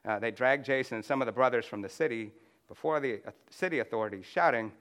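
A man's voice: fairly low pitch, brisk, fairly bright tone. A man preaching a conversational sermon to a room, reading scripture aloud and often restarting with "you know.". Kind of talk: sermon with slides.

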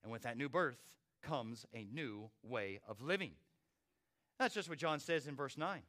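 A man's voice: mid-range voice, animated, a little slow, sharp tone. A man preaching a sermon with dramatic rises and drops in volume. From not from Australia. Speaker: pastor.

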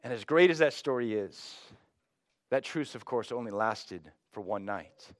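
A pastor from North Texas with a Texan accent, preaching a sermon with emphatic swells that fall back to quiet low phrases. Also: male voice, expressive, measured pace, no room sound, studio quality. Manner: dynamic, rising to emphatic highs then dropping low.

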